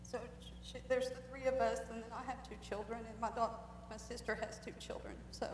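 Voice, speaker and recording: A woman's voice: on the high side, fairly even intonation, fairly quick, noisy background. A woman reading a family statement aloud at a memorial, with plain explanatory asides. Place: memorial service hall. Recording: distant voice in an echoey hall.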